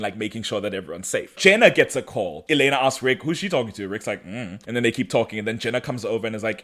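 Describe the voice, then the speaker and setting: A man's voice: mid-range voice, fairly bright tone. A man co-hosting a podcast, retelling a story in casual chat and acting out the characters' lines with frequent laughs. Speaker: podcast co-host.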